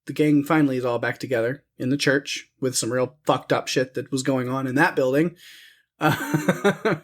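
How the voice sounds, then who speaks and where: A man co-hosts a podcast, talking casually about a movie at a middling pitch. His delivery is wry and sarcastic, and he laughs often between his points. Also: normal speed. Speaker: podcast co-host. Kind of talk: casual chat reviewing a film.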